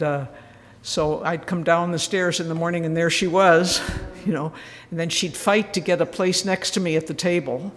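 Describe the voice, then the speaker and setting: A woman speaking as a retreat leader, sharing a personal story gently and earnestly, with self-deprecating humor. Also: fairly low pitch, slight background noise. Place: church. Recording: long church reverb.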